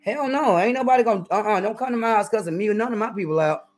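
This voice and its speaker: Here a middle-aged woman with a Southern American accent livestreams as a YouTuber from her home kitchen, chatting casually, bluntly and sassily, with plenty of cussing. Her voice is medium-pitched, very fast, and a bit mellow, on a low-quality recording.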